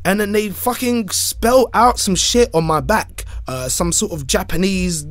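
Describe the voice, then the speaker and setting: A man, a radio DJ guesting on a podcast, telling stories in a loud, animated way and swearing freely. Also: high voice, unhurried. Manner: animated, swearing storyteller with a lively voice. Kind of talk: casual podcast chat.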